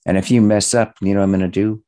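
A man's voice: fairly low pitch, level tone, quick pace, mellow. A man hosting a casual interview, joking around and teasing his guest with mock-tough banter. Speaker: interview host.

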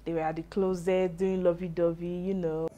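Young Nigerian woman, lower register, animated gossip-style commentator. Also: moderate pace, highs cut off, slight background noise. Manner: chatty, animated, sprinkles in Pidgin asides. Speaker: reality show commentator. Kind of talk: casual commentary vlog.

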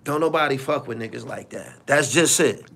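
A man's voice: medium pitch, normal speed, creaky, a bit bright, slightly rough. A man hosting a live stream, talking bluntly and profanely and repeating himself for emphasis. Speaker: podcast host. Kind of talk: casual live-stream commentary.

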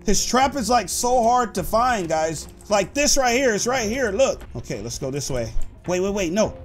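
A man giving excited gameplay commentary to his viewers, full of "like" and "guys" and bursting into sudden shouts. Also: high-pitched, normal speed, faint music behind. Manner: animated, says "like" and "guys" a lot, bursts into shouts. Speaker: gaming YouTuber.

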